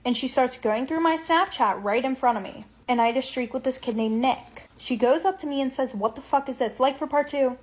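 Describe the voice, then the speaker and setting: Young woman, high voice, casual storytime, blunt, profane, chatty. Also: fairly quick, hardly any pauses, low-quality recording. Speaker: storytime TikToker.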